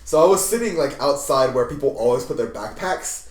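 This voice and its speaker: A young man rambles through a story on a casual podcast with friends. His voice sits at an ordinary pitch and sounds roomy and slightly distant from the mic, like a loose group recording. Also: brisk. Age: young adult. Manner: rambling, animated retelling with laughs. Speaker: podcast host. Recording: echoey room, mic at a distance.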